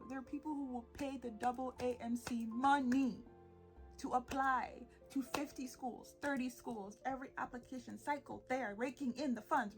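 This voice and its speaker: A woman in her twenties hosting a solo podcast, animated and sarcastic, laughing often and slipping into mocking voices. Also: high-pitched. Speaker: podcast host.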